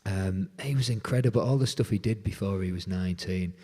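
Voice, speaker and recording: A folk musician being interviewed, retelling a story with lively quoted dialogue. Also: male voice, deep voice, a little fast, breathy edge.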